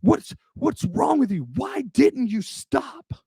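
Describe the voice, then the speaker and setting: A man voicing an older male security guard who is out of breath and panting, in a shrill voice. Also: big pitch swings, takes it slowly, gravelly, mellow, no echo, studio quality, exaggerated voice. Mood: breathless, exasperated.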